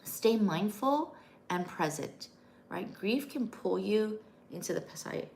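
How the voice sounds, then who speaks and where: A middle-aged woman and widow coaching grieving listeners on a live stream, gentle and reassuring, often checking in with "right?". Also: medium pitch, animated, slow, gravelly.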